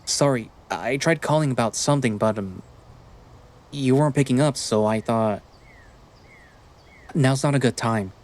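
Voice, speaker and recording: A man's voice: medium pitch, measured pace, long pauses, a little mellow, natural voice. A man voicing David, a frustrated young best friend, in a visual novel reading with faint music behind. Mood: friendly, awkward. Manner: pleading, earnest, swearing when upset.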